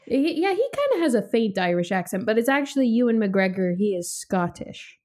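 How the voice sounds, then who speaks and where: A woman with a fairly high voice hosts a relaxed podcast conversation from a home setup. She keeps things playful and laughs easily between remarks. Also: brisk. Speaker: podcast host. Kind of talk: casual chat.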